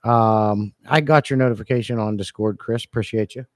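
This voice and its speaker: A man's voice: on the low side, a little fast, no echo. Guy rambling on his fish stream, kinda tired but joking around, dry close mic. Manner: playful, rambling, jokey with chat. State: a bit low-energy. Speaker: fish-keeping livestreamer. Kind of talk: casual livestream chat reading comments. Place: home fish room.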